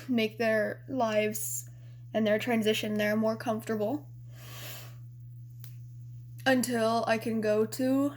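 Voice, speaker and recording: A young woman vlogger with a fairly high voice tells a story to camera in a loose, chatty way. She giggles often and swears without a second thought.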